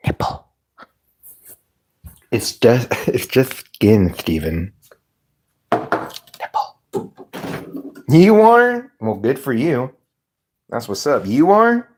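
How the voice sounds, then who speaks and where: A man's voice: lowish voice, a little hiss or hum. A man live streaming, chatting casually with viewers in a rambling, laughing way with plenty of swearing. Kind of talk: casual livestream chat.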